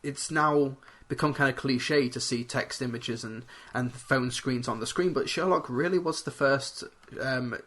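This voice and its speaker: A man with a somewhat husky, mid-pitched voice co-hosts a casual podcast. He talks in a measured, analytical way and drops dry asides. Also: fairly bright tone. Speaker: podcast co-host. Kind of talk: casual chat.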